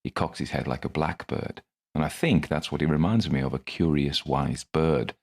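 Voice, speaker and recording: A man's voice: extremely low pitch, normal speed. A man narrating his own first-person story in a dry, wry manner.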